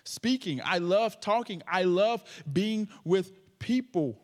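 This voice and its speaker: A man's voice: sits high, lively intonation, takes it slowly. A man preaching a sermon with a stutter, joking playfully with the congregation. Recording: long hall reverb.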